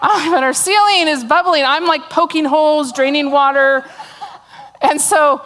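A woman's voice: high-pitched, unhurried, pauses often, a bit bright. A middle-aged woman giving a humorous testimony talk to a church audience, telling a story with sarcastic asides and frequent laughter. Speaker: speaker at a church gathering.

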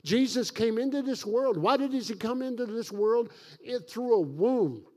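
A man from Kentucky preaching a sermon as pastor, emphatic, with folksy self-joking asides and dramatic slowdowns. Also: very high voice, animated, mellow.

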